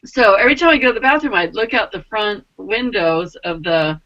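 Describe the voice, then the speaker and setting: Woman rambling thru a story, lots of like and you know, bright voice, kinda muffled lo-fi sound. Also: brisk. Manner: animated, acts out quotes with big pitch jumps. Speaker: spiritual mentor and energy healer. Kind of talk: casual personal storytelling.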